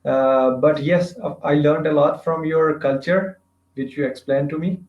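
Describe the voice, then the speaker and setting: A man practicing English in a casual conversation over a video call, searching for words with halting phrasing. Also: a little high, fairly even intonation. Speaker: English learner. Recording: roomy, dull lo-fi video call audio.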